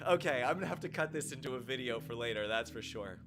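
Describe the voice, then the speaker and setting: A man hosting gameplay commentary who goes from calm explaining to loud shouting and cheering. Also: medium pitch, fast talker, few pauses. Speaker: YouTube game host. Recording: music playing behind the voice.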